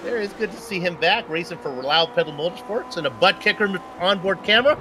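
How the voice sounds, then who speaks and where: A man's voice: high-pitched, animated, a little fast, background noise. A man co-commentating a sim race, upbeat and joking as he goes through race stats.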